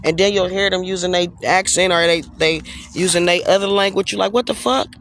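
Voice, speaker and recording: A man's voice: sits high, flat delivery, fairly quick, a bit bright. A man in his forties rants bluntly and profanely in a casual monologue, talking outdoors. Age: 40s. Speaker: vlogger. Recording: outdoor street and traffic noise.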